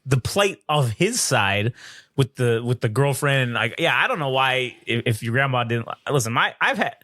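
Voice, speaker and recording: A young man co-hosting a podcast, telling stories in a profane, animated way and mocking people in put-on voices. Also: medium pitch, normal speed, no echo, clean studio sound. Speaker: podcast co-host. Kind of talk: casual chat.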